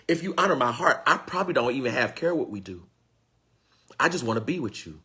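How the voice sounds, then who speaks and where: Fervent husky-voiced male preacher. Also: mid-range voice, big pitch swings, moderate pace, pauses often, pushed and bright. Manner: preacherly call-and-response, exclaiming and pleading to God; repeats phrases for emphasis. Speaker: spiritual teacher. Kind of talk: fervent sermon-style teaching.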